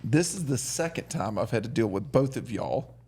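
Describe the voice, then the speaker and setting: Gravelly-voiced male podcast host. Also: mid-range voice, animated, normal speed, dark tone, a little hiss or hum. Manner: easygoing storyteller. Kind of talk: casual chat.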